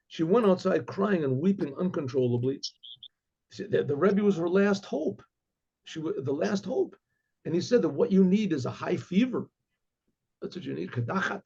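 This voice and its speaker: Rabbi guy telling a story, gravelly and kinda husky, keeps restarting and clearing his throat, dull lo-fi recording. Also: high-pitched, expressive, normal speed, long pauses, mellow. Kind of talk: casual oral storytelling.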